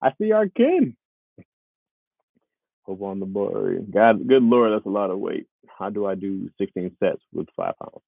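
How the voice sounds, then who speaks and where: A man in his thirties chatting casually with viewers on a live stream. He is animated and laughs often. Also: moderate pace, gravelly, husky, no room sound. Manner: animated, laughs often, jumps into high voices. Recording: tinny phone-like, dry.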